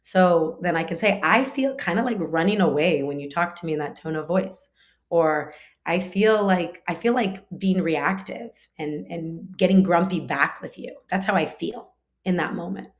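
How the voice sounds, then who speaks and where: Soft-spoken woman teaching a spiritual class. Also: lowish voice. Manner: conversational, many fillers and restarts; acts out short quoted lines in her talk.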